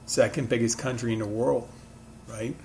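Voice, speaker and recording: A man's voice: medium pitch, fairly even intonation, normal speed, mellow. Podcast host, male, mid-Atlantic accent with a Philly touch, rambling casual storyteller, light room hum behind. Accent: mid-Atlantic with a light Philadelphia touch. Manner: rambling, conversational, self-correcting asides.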